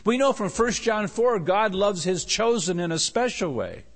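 A man's voice: sits high, lively intonation, normal speed. A man preaching a sermon as pastor. He is emphatic, repeats key phrases and asks rhetorical questions. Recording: long hall reverb.

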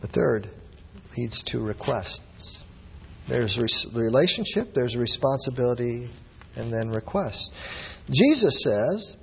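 A man's voice: mid-range voice, sing-song, measured pace, vocal fry, breathy edge. A man preaching a sermon with emphatic, rising exclamations. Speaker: pastor. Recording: dull lo-fi audio with long hall reverb.

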